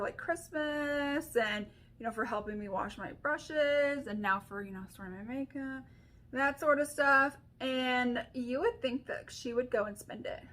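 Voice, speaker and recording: A beauty vlogger with a high, fairly bright voice chats casually while doing a makeup tutorial at home. She tells stories packed with "like" and little asides, chatty and filler-heavy.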